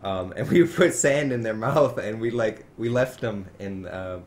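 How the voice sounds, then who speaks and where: A man from Wisconsin hosting a casual podcast, talking excitably and swearing a lot. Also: fairly low pitch, normal speed, slight background noise. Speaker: podcast host.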